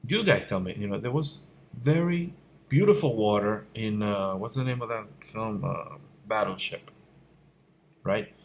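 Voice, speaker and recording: A man's voice: fairly low pitch, expressive, a little slow, creaky, a little hiss or hum. A middle-aged man from Venezuela, a visual effects instructor answering viewer questions at home at night in a candid, blunt way that turns emphatic. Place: room at home at night by a window. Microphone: fixed mic, voice fades when he turns away.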